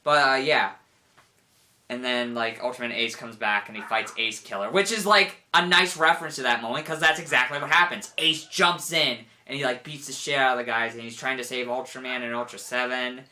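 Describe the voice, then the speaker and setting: A young man talks through his thoughts in a loose, rambling way, leaning on "like" and jumping into animated retellings. His voice is bright and forward at a middle pitch. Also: a little fast. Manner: rambling, full of "like", animated quoting with laughs. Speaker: reviewer. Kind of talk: casual spoken review.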